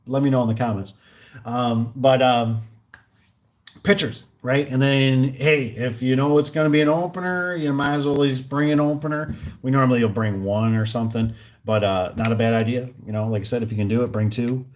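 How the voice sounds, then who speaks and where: A man's voice: mid-range voice, fairly even intonation, fairly quick. A man who installs garage doors, ranting casually in a vlog and acting out both sides of his phone calls. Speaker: garage door and gate installer.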